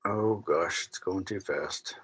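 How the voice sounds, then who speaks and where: A man's voice: deep voice, takes it slowly, creaky, a bit bright, husky, no room sound, rough recording. A man, chatting casually from a tiny sailboat cabin and reading viewer comments aloud with wry mock outrage. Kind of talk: casual live-stream chat. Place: small cabin of a sailboat at night.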